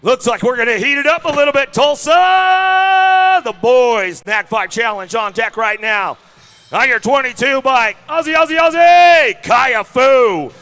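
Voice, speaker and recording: High, bright hyped male race announcer. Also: normal speed, soft background music. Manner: hyped, calls rider lineups by bike number. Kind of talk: live race commentary. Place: outdoor BMX track.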